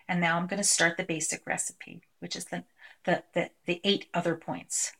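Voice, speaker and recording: Gravelly low-voiced woman presenting a workshop. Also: flat delivery, a little fast, fairly bright tone. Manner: hesitant, filler-heavy, demonstrates by voicing a client. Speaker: clinician presenting a tapping technique. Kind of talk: live workshop demonstration.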